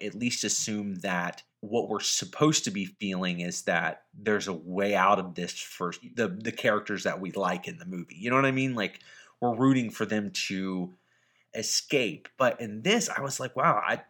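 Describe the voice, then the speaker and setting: A man with a lowish voice co-hosts a relaxed podcast about films. He talks in a chatty, jokey way and slips easily into animated storytelling. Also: normal speed. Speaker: podcast co-host. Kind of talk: casual chat.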